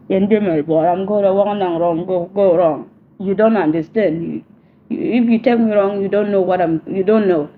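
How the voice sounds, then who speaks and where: Sending a personal voice message, a South Sudanese woman begs slowly and insistently, saying the same things again and again in a rather high voice. The audio is tinny like a phone line, with a bit of hiss.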